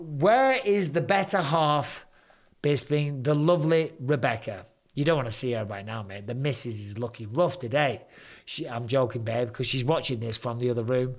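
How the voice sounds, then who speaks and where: Chatty English man in his forties, hoarse. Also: medium pitch. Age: 40s. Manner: chatty, animated storytelling with British slang. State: hoarse from throat trouble. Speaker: host. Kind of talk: casual live-stream chat.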